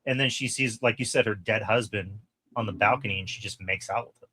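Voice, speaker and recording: A man's voice: lowish voice, a little fast, slightly rough. A man co-hosting a podcast, chatting casually about a horror film, swearing a lot and acting out lines from it. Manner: animated, swears a lot, acts out movie lines. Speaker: podcast co-host. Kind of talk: casual movie review chat.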